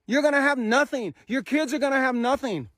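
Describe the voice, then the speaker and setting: A man's voice: extremely high pitch, a little fast, a bit bright, dry recording, clean studio sound. A man from Texas, giving an angry, rhetorical speech outdoors and swearing as he presses his point. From Houston, Texas, USA. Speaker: songwriter. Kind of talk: impassioned speech to camera. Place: outdoors on a farm.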